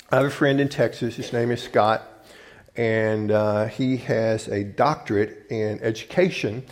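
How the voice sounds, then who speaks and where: A man's voice: mid-range voice, a little mellow. A man preaching a sermon, emphatic and often restarting to rephrase his point as he urges listeners to look and listen. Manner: restarts and rephrases mid-thought. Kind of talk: sermon teaching from scripture.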